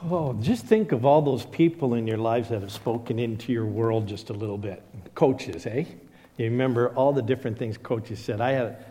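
A man's voice: mid-range voice, moderate pace, mellow. Male pastor telling stories in a hall. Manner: storytelling, acts out quoted voices. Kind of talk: sermon with personal stories.

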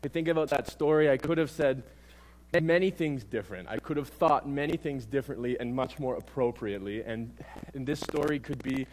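Animated man telling a story. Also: medium pitch, a little fast, slight background noise. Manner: animated storytelling, self-mocking. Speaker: preacher. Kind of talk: sermon told as a personal story.

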